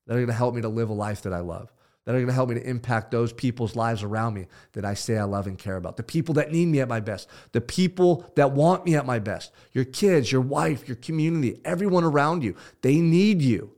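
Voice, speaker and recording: A man hosting a podcast, giving an intense, emphatic motivational pep talk with blunt swearing. He swings between loud pushes and low, hushed stretches. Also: quick pace. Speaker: podcast host.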